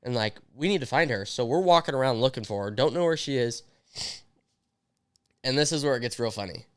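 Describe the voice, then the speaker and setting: Young man, podcast co-host, smooth clear voice, animated storytelling, mid pitch. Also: a little fast. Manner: animated, acts out quotes. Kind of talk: casual storytelling chat.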